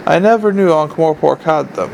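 A man voicing a nervous, clever male dwarf watchman who asks quick, fretful questions. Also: fairly high pitch, vocal fry, darkish tone, a little hiss or hum, rough recording. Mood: uneasy.

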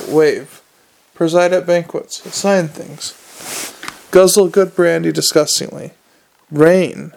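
A man voicing a smooth, scheming male aristocrat who speaks in a polished, wheedling way. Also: a little high, fairly even intonation, takes it slowly, long pauses, darkish tone.

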